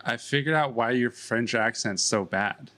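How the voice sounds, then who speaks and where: Bright-toned man teasing friends. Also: medium pitch, moderate pace. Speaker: podcast co-host. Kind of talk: casual movie chat.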